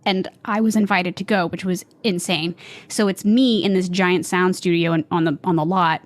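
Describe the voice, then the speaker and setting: A woman's voice: on the low side, steady tone, moderate pace, dry recording. A woman being interviewed as an actress guest, telling stories in a chatty way, often laughing and slipping into quoted voices. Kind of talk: animated storytelling in an interview.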